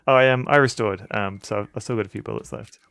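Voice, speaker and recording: Gravelly-voiced man doing wry game commentary. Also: mid-range voice, quick pace, a bit bright, dry recording. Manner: wry, chuckling, reads game text aloud. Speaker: streamer playing a retro game.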